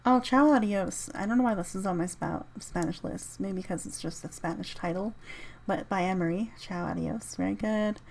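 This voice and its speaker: A woman's voice: mid-range voice, moderate pace, creaky, a little mellow, slight background noise. A woman hosting a casual solo podcast, rambling as she reads through her playlist and spells out artist names. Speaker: podcast host.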